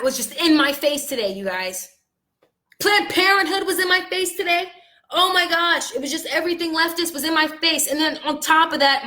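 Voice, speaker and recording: A woman vlogger talking straight to her viewers in a heated, venting monologue, upset and angry, her voice swinging from loud outbursts to quiet, low lines. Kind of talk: casual monologue to camera.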